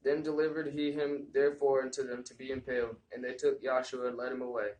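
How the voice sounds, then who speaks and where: Male scripture reader, mid-pitched and plain; echoey room, faint noise. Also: level tone, quick pace, darkish tone. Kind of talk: reading scripture aloud.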